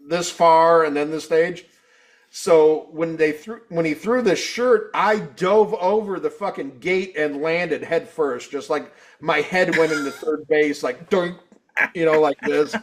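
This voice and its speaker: A man's voice: a little high, slight background noise. Profane, rambling man telling stories. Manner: profane, rambling, acts out quotes loudly. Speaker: podcast co-host. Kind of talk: casual storytelling chat.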